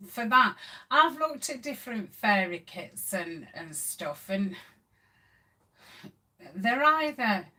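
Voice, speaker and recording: A middle-aged woman runs a casual craft live stream, chatting with viewers and reading their comments with plenty of ums. Her mid-range voice is bright and forceful.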